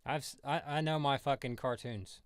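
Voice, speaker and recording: A man's voice: medium pitch, moderate pace, clean tone, no echo, clean studio sound. A man streaming and ranting in profane, sarcastic, rambling commentary.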